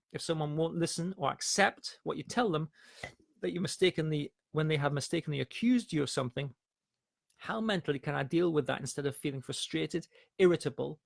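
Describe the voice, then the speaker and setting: A man's voice: on the high side, vocal fry, no room sound. A man coaching viewers on anxiety in a live-streamed question and answer talk, explaining things patiently and sometimes telling parables with acted quotes.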